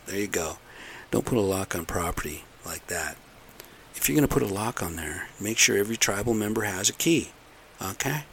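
A man's voice: lowish voice, fairly bright tone, slight background noise. A middle-aged man in a casual, rambling monologue, blunt and aggrieved, repeating himself as he rants. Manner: aggrieved, blunt, repetitive ranting.

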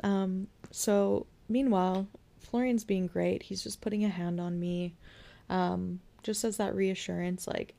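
Young woman podcasting, telling her own story real candid, lots of vocal fry, whispers sometimes. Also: mid-range voice, fairly even intonation, a little slow. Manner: candid and reflective, with soft laughs and whispered asides. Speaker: podcast host sharing her birth story. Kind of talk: personal storytelling monologue.

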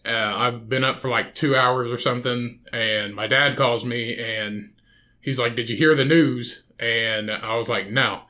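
Bright-voiced swearing podcast man. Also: mid-range voice, fairly even intonation, a little slow. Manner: profane, rambling, swears constantly. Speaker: podcast host. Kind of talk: solo podcast rant.

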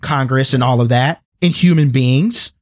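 A man's voice: mid-range voice, normal speed, no echo, studio quality. A man co-hosting a faith-based podcast, speaking earnestly and emphatically, often restarting and repeating words. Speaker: podcast co-host.

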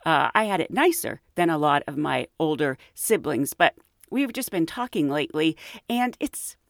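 A woman podcast host tells casual stories in an animated, giggly way. Her pitch swoops widely as she acts out other people's lines. The sound is dry and close. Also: moderate pace, creaky, no room sound. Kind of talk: casual storytelling.

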